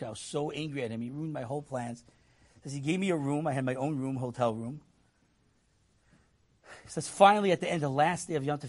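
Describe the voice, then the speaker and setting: A man telling an inspirational story to an audience, animatedly acting out the people he quotes. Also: mid-range voice. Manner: animated, acts out quoted voices, laughs. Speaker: storyteller speaker.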